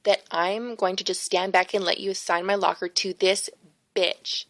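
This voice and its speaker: A woman's voice: mid-range voice, little pitch movement, normal speed, fairly bright tone, no echo, natural voice. A woman voicing a snooty, rude teenage girl ghost who sneers and drags out her insults in an audiobook. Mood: sneering.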